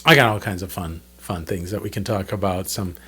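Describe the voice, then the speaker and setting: A man's voice: sits low, brisk, fairly bright tone, breathy edge. A man in his fifties recounts his gigging days in a loose, chatty monologue. He rambles, restarts his sentences and keeps the tone casual. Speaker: channel host, drummer.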